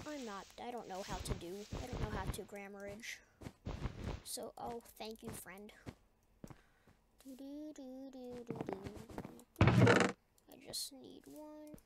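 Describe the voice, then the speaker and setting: A woman's voice: unhurried, pauses often, very noisy. A woman giving goofy, rambling commentary while playing a video game, humming and singing to herself between remarks. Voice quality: high-pitched voice. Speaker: gaming video creator. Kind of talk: casual gameplay commentary. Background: loud background music.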